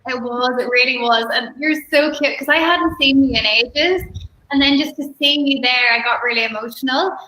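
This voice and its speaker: A woman guest telling stories in a relaxed chat, laughing often. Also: high-pitched, moderate pace, echoey room, low-quality recording. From Ireland. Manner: chatty storyteller, laughs often. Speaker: guest musician. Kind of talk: casual chat on a live stream.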